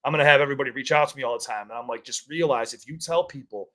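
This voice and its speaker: A man's voice: medium pitch, very fast, fairly bright tone. A man in casual chat as a co-host, talking candidly, swearing freely and telling stories with animation. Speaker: content creator and co-host.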